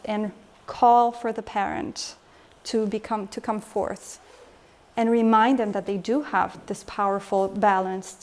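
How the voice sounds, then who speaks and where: A woman's voice: medium pitch, darkish tone. A woman emotional health coach giving a lecture to a live group, engaging the audience with frequent questions.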